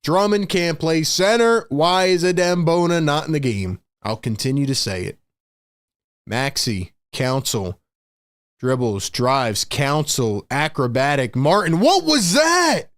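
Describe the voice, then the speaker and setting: A man hosting a fan livestream, calling play-by-play in excitable, frustrated, slangy talk. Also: medium pitch, unhurried, clear, resonant tone, no echo. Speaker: host and play-by-play commentator.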